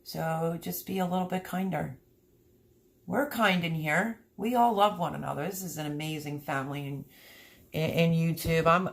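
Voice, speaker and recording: A middle-aged woman with a low voice and a gravelly edge hosts her homestead livestream. She reads her viewers' comments aloud and answers them in a chatty, heartfelt way from home. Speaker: homesteading channel host reading live chat. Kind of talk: casual livestream chat. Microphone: streaming setup.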